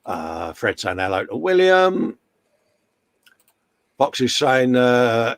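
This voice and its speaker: A man's voice: mid-range voice, very animated, slow pace, long pauses, no echo. A man co-hosting a live stream, chatting casually and joking as he reads out viewer comments. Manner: jokey, banter-filled, reads chat messages aloud. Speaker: co-host of a live model-building stream.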